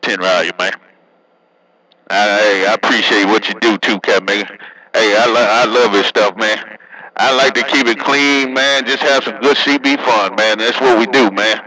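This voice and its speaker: A man's voice: fairly low pitch, fairly even intonation, moderate pace, a crowd in the background, rough recording. A man bantering over CB radio, teasing and joking, tagging his lines with "man". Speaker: CB radio operator. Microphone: CB radio handset.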